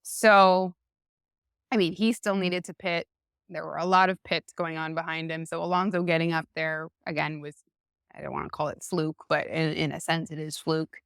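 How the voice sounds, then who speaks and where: A woman co-hosting a podcast in a relaxed, casual chat, with a clean and smooth voice. She talks at an unhurried pace and leans on fillers as she works through each point. The sound is dry and close. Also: low voice, no echo. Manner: chatty, drawn-out, many fillers. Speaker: podcast co-host.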